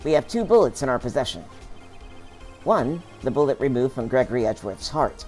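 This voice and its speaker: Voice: mid-range voice, sing-song, fairly quick, darkish tone, faint music behind, lightly acted. A streamer voicing an earnest young male defense lawyer while reading a video game's text aloud, in a near-plain voice. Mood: pressing.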